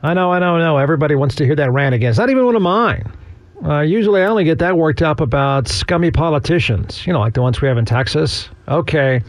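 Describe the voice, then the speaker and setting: A man's voice: on the high side, quick pace, no room sound. A man hosting a sports talk radio show, chatting casually in a sarcastic, rambling way with frequent chuckles.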